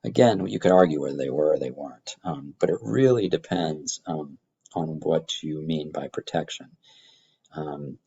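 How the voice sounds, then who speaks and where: A middle-aged man teaching a high school government class, rambling through explanations and stories with many fillers and restarts. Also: normal speed, creaky, dark tone, husky, muffled recording. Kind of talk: classroom lecture.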